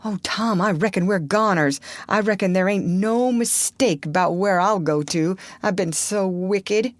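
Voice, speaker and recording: A woman's voice: medium pitch, unhurried, no room sound, pitched above the performer's own voice, lightly acted. A woman voicing a frightened, superstitious ragged country boy who talks in a rustic drawl. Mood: scared. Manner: rustic drawling dialect, ain't and reckon.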